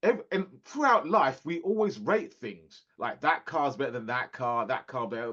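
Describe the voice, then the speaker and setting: A man's voice: a little high, a bit bright, slightly rough, highs cut off. A man co-hosting a podcast in casual chat, laughing often and restarting his sentences. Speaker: podcast co-host.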